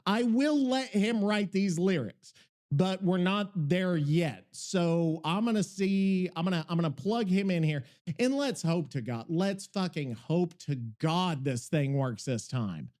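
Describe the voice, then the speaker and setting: Excitable, cursing man hosting a podcast. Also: high-pitched, a little slow. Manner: rambling, profane, excitable. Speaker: podcast host. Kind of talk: casual podcast chat.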